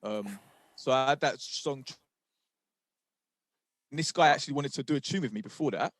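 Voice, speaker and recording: A man co-hosting a podcast, recounting things in a laid-back, halting way. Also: medium pitch, a bit bright, no echo. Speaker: podcast co-host, rapper. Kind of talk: casual chat.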